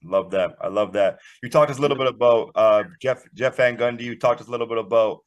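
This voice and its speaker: A man's voice: mid-range voice, fast. A man hosting a casual interview, asking loose questions and giving short affirmations. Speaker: podcast host.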